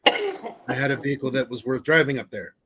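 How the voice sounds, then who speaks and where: A man's voice: medium pitch, big pitch swings, a little fast, sharp tone, a little hiss or hum. A joking man from the Bay Area, chatting casually with friends and laughing often. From San Francisco Bay Area. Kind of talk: casual group chat.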